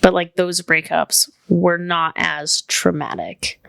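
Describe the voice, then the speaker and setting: Low gravelly woman chatting on a podcast. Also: slow, fairly bright tone, no echo. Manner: chatty, leans heavily on "like". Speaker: podcast co-host. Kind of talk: casual podcast chat. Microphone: studio microphone.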